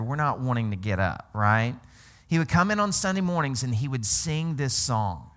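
Chatty pastor preaching, checks in often. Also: male voice, medium pitch, a bit bright. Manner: conversational, keeps checking in with "okay?"; laughs often while teaching. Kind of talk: sermon.

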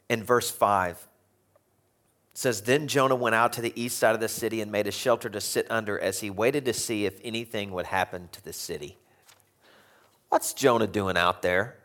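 A man preaching a conversational sermon in a church, animated and chuckling often. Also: mid-range voice. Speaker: pastor. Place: church sanctuary.

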